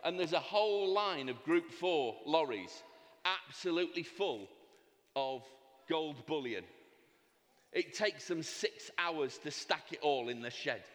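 Male comic storyteller, fairly high voice, chatty asides, hall reverb. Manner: animated, breaks off for audience asides. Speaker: speaker at a fundraising event.

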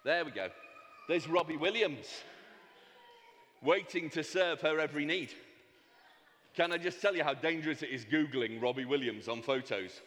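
A man telling a long comic joke at an event, animated and breaking off for asides to the audience. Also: fairly high pitch, moderate pace, pauses often. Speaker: speaker at a fundraising event. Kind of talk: comic storytelling with slides. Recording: reverberant hall.

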